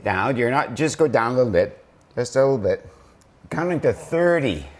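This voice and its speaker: A man leading viewers through slow push-ups while counting aloud, then reflecting on slowing down, a little out of breath. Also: animated. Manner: reflective, drops low and soft to make points. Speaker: company founder giving a motivational talk. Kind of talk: casual motivational vlog talk.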